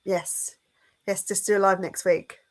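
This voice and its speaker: A woman's voice: medium pitch, flat delivery, unhurried. A woman with a British English accent, a guest on a casual livestream chat, chatty with frequent restarts. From England. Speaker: guest channel host.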